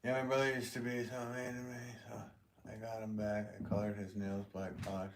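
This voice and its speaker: A man's voice: fairly low pitch, little pitch movement, brisk. A middle-aged man, a potter, chatting casually and rambling on a live stream as he reads viewers' comments aloud. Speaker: potter hosting a livestream. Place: pottery studio. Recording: noisy background.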